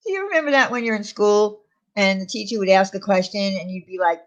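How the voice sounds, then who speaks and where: A woman's voice: mid-range voice, quick pace. A woman chatting casually on a live stream, answering viewers' comments aloud. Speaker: streamer reading chat. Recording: dull lo-fi stream audio.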